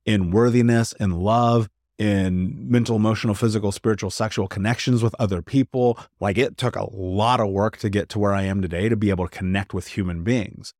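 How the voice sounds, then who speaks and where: A man with a fairly low voice gives a candid interview as a podcast guest. He talks loosely and frankly, leans on "like," and repeats words to drive his point home. The sound is close and dry. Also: darkish tone, no room sound. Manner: frank, conversational, peppered with "like"; emphatic repetition. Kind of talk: candid personal storytelling interview.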